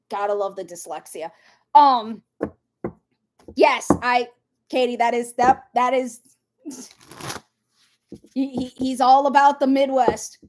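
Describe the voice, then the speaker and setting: A high-pitched woman chats through a tarot reading on a casual livestream. She rambles freely and keeps jumping into side stories, animated and talkative. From Minnesota. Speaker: tarot reader.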